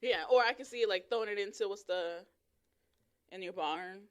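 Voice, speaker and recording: A woman co-hosting a casual podcast chat, quick with jokes and wisecracks. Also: medium pitch. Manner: jokey, quick with wisecracks and laughter. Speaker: podcast co-host.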